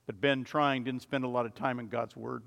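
A male preacher telling a sermon illustration, swelling loud and then dropping soft as he tells it. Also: mid-range voice, fairly even intonation, moderate pace, vocal fry. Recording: long reverb of a large hall.

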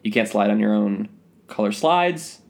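A man's voice: on the low side, expressive, a little slow, gravelly. A man co-hosting a podcast in casual chat, dry and teasing, at times reading from a prepared summary. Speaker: podcast co-host.

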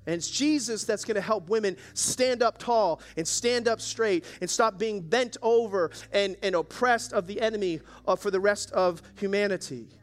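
A man's voice: high voice, normal speed, few pauses. A male pastor preaching a sermon at a church service, exhorting the congregation and calling for their responses. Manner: exhorting, calls for audience response.

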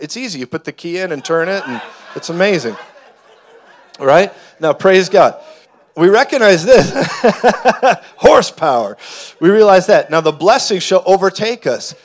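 A man preaching a fervent sermon to a congregation in a church, building at times to shouts. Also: high-pitched, lively intonation, normal speed. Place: church hall before a congregation.

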